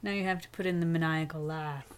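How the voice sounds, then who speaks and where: A woman's voice: low-pitched, steady tone, quick pace, clean tone. A woman co-hosting a podcast in casual chat, playful and teasing. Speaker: podcast co-host.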